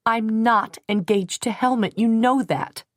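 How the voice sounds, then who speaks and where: Brief: hurt, accusing young woman, read by a female narrator, sharp and emotional, dry close sound. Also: fairly high pitch, measured pace, dry recording, pitched above the performer's own voice, close to an everyday voice. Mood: pleading, defensive. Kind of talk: audiobook character reading.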